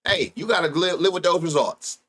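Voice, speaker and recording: Hosting a sports betting live stream, a man in his thirties with an African American Vernacular English accent trades loose, crude banter and laughs a lot. His voice is high, fairly quick, and fairly bright.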